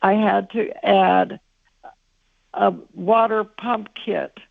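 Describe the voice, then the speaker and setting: A woman calling in to a radio show, calmly explaining her complaint step by step. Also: mid-range voice, slow pace, vocal fry, no echo. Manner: matter-of-fact, explaining step by step. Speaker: caller. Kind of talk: phone-in complaint. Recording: tinny phone line.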